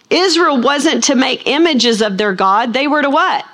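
Fairly high-voiced woman teaching a sermon. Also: a bit bright. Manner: asks the room questions and answers them; slows and stresses key words. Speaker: Bible teacher.

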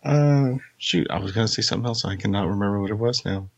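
A man's voice: on the low side, fast, creaky, no echo, highs cut off. A man co-hosting a podcast, chatting casually, laughing often while plugging the show. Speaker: podcast co-host.

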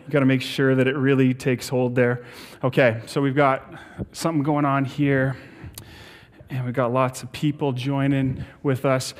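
A man's voice: medium pitch, level tone, moderate pace. A man preaching a sermon as a pastor, upbeat and playful, laughing easily as he leads the talk.

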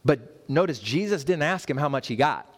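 A pastor preaches to his congregation with animation and at a moderate pace, mixing rhetorical questions, emphatic repeated phrases and playful asides to the church. His pitch and force build as he drives toward his emphatic points.

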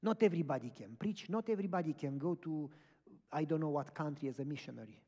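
A man's voice: on the high side, lively intonation, quick pace, warm tone. A man preaching a sermon, telling a story with emphatic repeated phrases. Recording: long hall reverb.

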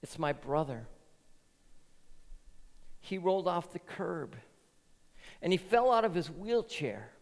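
A frightened young boy begging for help in a hushed, trembling voice, close to tears, as a man acts him out in a sermon. His quiet words carry a long echo through a large hall. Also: fairly high pitch, very animated, takes it slowly, pauses often, voice pushed up, exaggerated voice. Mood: pleading. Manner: soft, pleading, near tears.

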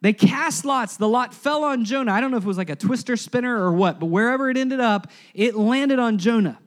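Pastor, mid-pitched, talks like a conversation, builds to emphatic punches, sometimes drops near a whisper. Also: brisk. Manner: emphatic, conversational, rhetorical questions and humorous asides. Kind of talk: sermon.

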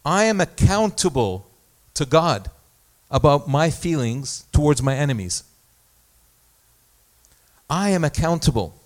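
A man's voice: fairly high pitch, very animated, measured pace. A man preaching a sermon as pastor, talking in a conversational way with self-deprecating asides and small stories.

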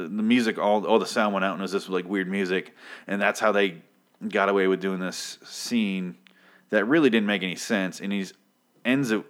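A man's voice: on the low side, fairly bright tone. A man giving a casual, rambling TV episode recap, sardonic and swearing freely, now and then acting out characters with short outbursts.

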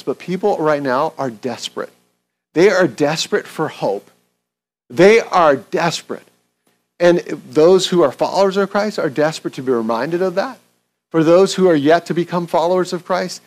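A man's voice: a little high, darkish tone. A man, a pastor, preaching a sermon in an earnest, conversational way, repeating his key phrases.

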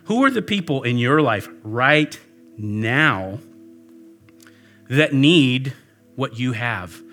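A man preaching with a clear, bright tone and an unhurried delivery. He tells a personal story and leads a prayer in an earnest voice, with soft music under him. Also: mid-range voice. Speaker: pastor. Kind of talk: sermon.

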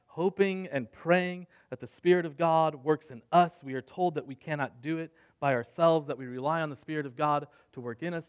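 Earnest male preacher, slightly high voice. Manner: earnest preaching, swings between soft and emphatic. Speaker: pastor. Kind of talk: sermon.

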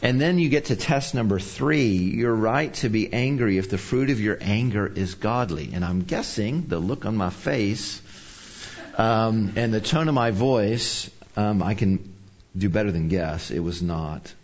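A man's voice: fairly low pitch, a little mellow, lo-fi sound. A man preaching a sermon on anger, telling a personal story in a conversational, self-deprecating way.

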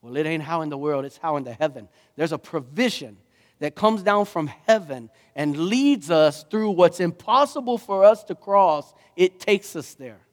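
A man pastor preaching a sermon, animated and rising to emphatic questions. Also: fairly high pitch, moderate pace, big-room sound.

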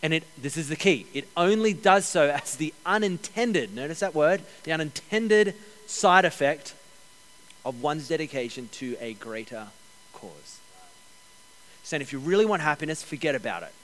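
A man preaching a sermon as pastor, energetic, repeating key phrases and joking with the congregation. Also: a little high, normal speed, slight background noise. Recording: long hall reverb.

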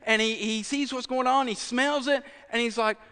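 A middle-aged man preaches in a loose, chatty style, his voice sitting high. He pulls back to a near whisper for emphasis, then pushes forward again. The long reverb of a large hall hangs on every phrase. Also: steady tone, normal speed, clean tone. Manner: conversational preaching, swings from loud to near whisper. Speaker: pastor. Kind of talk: sermon.

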